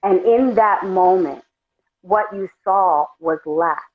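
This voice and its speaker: A woman hosting a casual interview, encouraging and quick to laugh. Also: mid-range voice. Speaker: host. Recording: phone-like audio.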